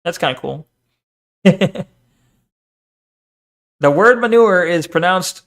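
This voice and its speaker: A man's voice: high voice, expressive, moderate pace. A man streaming and chatting casually, reading chat, swearing often and rambling between topics.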